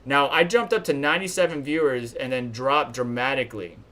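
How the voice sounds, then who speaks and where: A man hosts a live stream from a home setup, running through the news in a loose, conversational way. His voice sits at a middle pitch, and he talks bluntly, griping openly as he goes. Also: a little fast, pushed and bright. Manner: chatty and blunt, complains openly.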